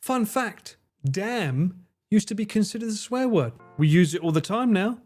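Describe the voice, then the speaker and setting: A man chats with his stream while he plays, cracking jokes and swearing freely. His voice sits high for a man and leaps around. Loud game music plays behind him. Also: animated, normal speed. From United Kingdom. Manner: playful, joking, swears, laughs often. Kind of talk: live game stream chat.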